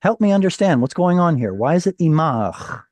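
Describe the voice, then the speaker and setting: A man's voice: on the high side, very animated, normal speed, darkish tone, no echo. A man teaching a Hebrew reading class over a video call, explaining patiently, quizzing his students and correcting himself as he goes.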